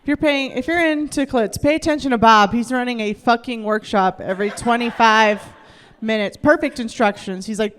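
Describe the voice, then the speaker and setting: A woman's voice: a little high, moderate pace, a bit bright, long reverb tail, slight background noise. A woman doing stand-up on a club stage, crude and candid, laughing at herself often. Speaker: stand-up comedian. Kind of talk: stand-up comedy set.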